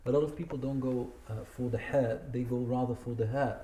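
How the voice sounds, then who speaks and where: Patient man teaching recitation, dark voice. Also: mid-range voice, steady tone, moderate pace. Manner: patient, corrects common mistakes, drawls demonstrated words. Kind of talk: spoken lesson with slow demonstrations of recitation. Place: community centre room. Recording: echoey room.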